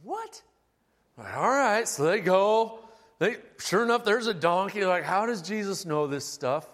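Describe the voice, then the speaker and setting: A man preaching a sermon, telling the story in a casual, animated and humorous way. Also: high voice, a little slow. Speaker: pastor. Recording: long hall reverb.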